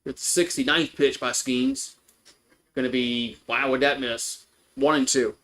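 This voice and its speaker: Casual male play-by-play caller, mid-range voice, chats with viewers between pitches. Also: fairly even intonation, unhurried, fairly bright tone, poor audio. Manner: chatty, loose, greets chat viewers between pitches. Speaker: play-by-play commentator. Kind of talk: casual live baseball commentary.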